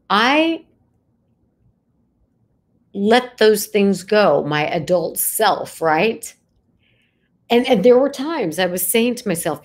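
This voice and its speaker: A middle-aged woman with a mid-range voice talks through everyday frustrations in a relaxed, conversational way. She keeps checking in with her listeners and jumps up in pitch when she stresses a point. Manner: conversational, keeps asking "right?", rises sharply for emphasis. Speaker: psychologist. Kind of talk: reflective talk to camera.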